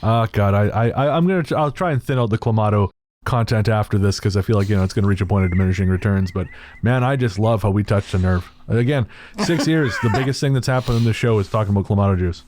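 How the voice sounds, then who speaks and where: A man co-hosting a podcast in relaxed casual chat, rambling a little and laughing readily. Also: lowish voice, quick pace, slight background noise. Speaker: podcast co-host.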